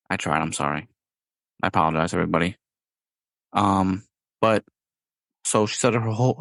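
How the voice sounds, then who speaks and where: A man's voice: mid-range voice, a bit bright, no echo. A man hosting a podcast in casual chat, rambling, with playful sound-effect words. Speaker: podcast host.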